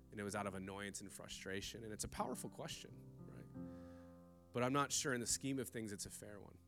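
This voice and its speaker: A pastor preaching a sermon, swinging between loud emphasis and hushed, intimate lines. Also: male voice, mid-range voice, fast talker. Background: soft guitar from the band.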